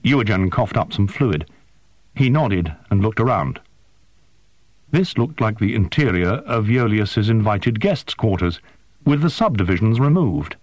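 Slow, expressive male audiobook narrator. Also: lowish voice, dry recording. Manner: slow, measured, expressive storytelling. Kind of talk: scripted narration.

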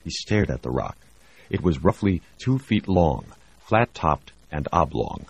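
Very deep, husky male narrator. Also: sing-song, measured pace, dry recording. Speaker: audiobook narrator. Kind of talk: scripted narration.

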